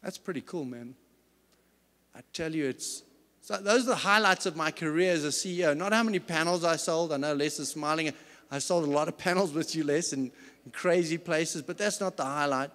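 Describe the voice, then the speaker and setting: Earnest high-voiced man in a hall. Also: a little fast, fairly bright tone. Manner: earnest, emphatic storyteller. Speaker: company CEO speaker. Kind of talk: faith-based business talk. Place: large event hall. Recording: reverberant hall sound.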